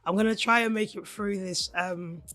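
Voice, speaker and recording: A Nigerian-born woman co-hosting a podcast in casual chat, her voice hoarse, laughing often as she tells stories. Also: medium pitch, normal speed, soft background music. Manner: laughs often, animated storytelling. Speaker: podcast co-host.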